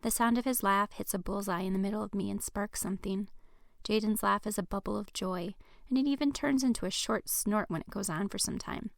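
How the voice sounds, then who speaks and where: A woman author reading her own novel aloud as first-person audiobook narration, in an even, earnest way. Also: mid-range voice, fairly quick, vocal fry, no echo, clean studio sound.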